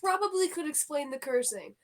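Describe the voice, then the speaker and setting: A woman playing a tabletop game, calmly steering the group back on track. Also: high voice, brisk. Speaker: player.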